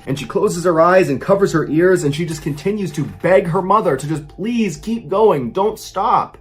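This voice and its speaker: Male host telling a scary tale, hushed-to-excited swings, animated pitch. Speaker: storyteller host. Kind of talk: true scary story narration.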